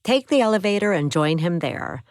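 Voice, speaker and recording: A woman voicing a brisk stern nurse. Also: on the low side, expressive, no echo, clean studio sound, pitched above the performer's own voice, lightly acted.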